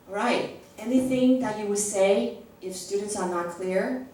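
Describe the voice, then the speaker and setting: Speaking a little slowly in a mid-range voice with a dark tone, a teacher trainer leads teachers through a workshop, performing classroom phrases and frequently checking in with "okay?". The far-off recording of the large echoey classroom carries a little hiss or hum.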